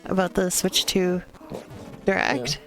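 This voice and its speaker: A woman's voice: lowish voice, slow, a bit bright, faint music behind. A woman streaming a game, chatting casually with laughing asides and teasing pushback. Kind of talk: casual chat while gaming.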